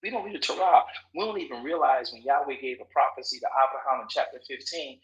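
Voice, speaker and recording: A man leading a Bible study class, animated and teasing his listeners, sometimes dropping to a whisper for emphasis. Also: medium pitch, fast talker, hardly any pauses, slightly rough, low-quality recording. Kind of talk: lively Bible study teaching.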